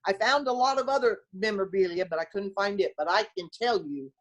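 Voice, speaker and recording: A woman's voice: medium pitch, a little fast. An older woman telling stories in a casual interview, acting out what people said and laughing as she goes. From small-town United States. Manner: animated storyteller who acts out quoted voices and laughs often. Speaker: former basketball player, interview guest.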